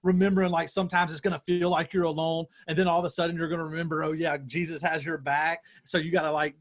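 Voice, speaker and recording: Excitable young pastor, higher-pitched man. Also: fast talker. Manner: excited storytelling, self-described nerd. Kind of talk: casual chat on a video call.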